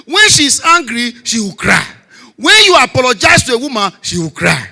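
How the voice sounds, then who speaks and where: A man in his forties with a Nigerian Pidgin English accent, telling stand-up comedy stories, shouting punchlines and dropping low for asides. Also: big pitch swings, normal speed, gravelly. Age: 40s.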